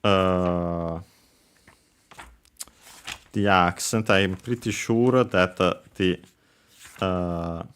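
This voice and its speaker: Very low, slow-talking man teacher. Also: fairly even intonation, a bit bright, smooth. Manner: hesitant, full of uh fillers and self-corrections. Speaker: Japanese language teacher streaming gameplay. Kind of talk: explaining while playing a game.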